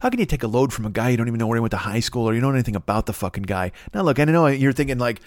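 Podcast host, male, profane rambling monologue, mid-pitched, breaks into songs and bits. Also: expressive, racing, dry recording. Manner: profane, rambling, bursts into singing and put-on voices. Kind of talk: crude comedic monologue.

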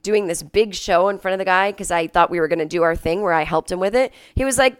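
A sick woman hosting a podcast from home, telling a story in a casual monologue, coughing and clearing her throat, and acting out the people she quotes. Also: lowish voice, quick pace. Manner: animated, acts out quoted people in a raised voice. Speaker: podcast host.

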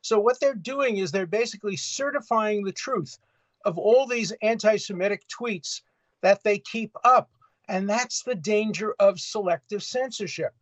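A man's voice: high-pitched, measured pace, fairly bright tone, dry recording. An older man speaking as a guest commentator in an interview, making his argument emphatically.

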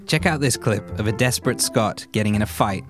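A man narrating a scripted segment in an earnest, measured way. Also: on the low side, music in the background.

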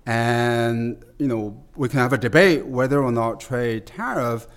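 A man with a mid-range voice appears as a guest expert in a conversational interview, explaining things at length. His speech is halting, with many fillers and restarts.

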